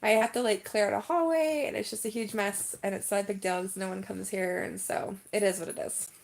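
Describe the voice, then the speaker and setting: A woman's voice: medium pitch, steady tone, brisk, gravelly. A woman vlogging in a casual live-stream chat, talking in an emphatic, rambling way with lots of "like" and "um". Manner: chatty and emphatic, heavy use of "like" and "um".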